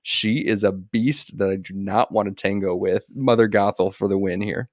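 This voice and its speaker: A man with a low voice co-hosts a relaxed film podcast. He rambles through his points with loose restarts and breaks into laughter. The sound is dry and close, with no room echo. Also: normal speed. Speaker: podcast co-host. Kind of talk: casual movie review chat.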